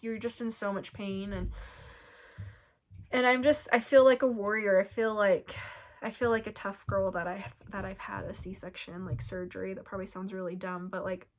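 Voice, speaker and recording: Emotional young woman vlogging. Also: medium pitch. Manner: chatty, many "like" fillers, emotional. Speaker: vlogger telling her birth story. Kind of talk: emotional casual storytelling.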